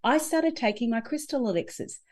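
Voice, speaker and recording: A woman speaking as an interview guest, with a fairly high, mellow voice that swings widely in pitch. She talks in an animated way and acts out what she says to herself. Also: moderate pace. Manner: animated, acts out inner dialogue. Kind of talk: conversational interview.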